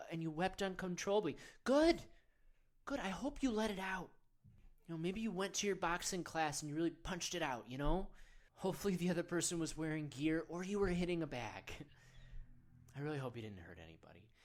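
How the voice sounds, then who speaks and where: A man's voice: fairly high pitch, lively intonation, brisk, close to an everyday voice. A man playing a self-serious male men's-wellness guru, leading a parody of a guided meditation in an earnest, coaxing, rambling way.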